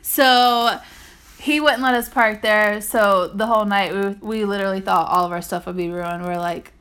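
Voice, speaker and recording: A woman's voice: medium pitch, steady tone, normal speed, fairly bright tone. A woman casually telling a story with her partner, chatty and quoting people. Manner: chatty, laughs often, quotes people.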